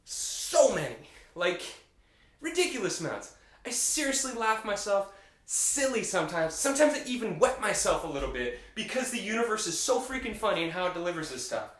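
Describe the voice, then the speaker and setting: A man talking in an enthusiastic, upbeat, animated way in a casual motivational vlog. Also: sits high, fairly quick, echoey room. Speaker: vlogger.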